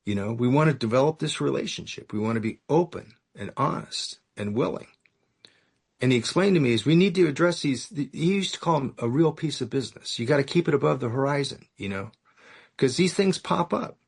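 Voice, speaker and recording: A man's voice: medium pitch, expressive, a little fast. A man from California giving a self-mocking, sarcastic storytelling share at a recovery meeting, acting out the other people in his story. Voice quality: gravelly, husky.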